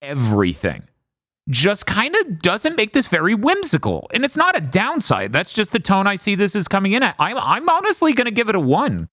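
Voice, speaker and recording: A man's voice: sits high, huge pitch swings, fairly quick, a bit bright, no room sound, clean studio sound. A man co-hosting a casual podcast review, rambling and laughing often. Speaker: podcast co-host.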